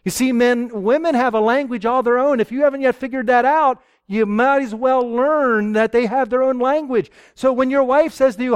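A man preaching a sermon to a live audience, lively and acting out little exchanges between husband and wife. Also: very high-pitched, moderate pace, hardly any pauses, smooth, no room sound.

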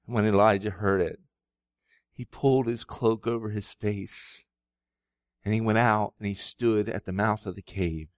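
A man's voice: fairly even intonation, a little slow, no echo. Man preaching a sermon, dry sound. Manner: swings from soft, low storytelling to loud, high-pitched preaching. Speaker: pastor.

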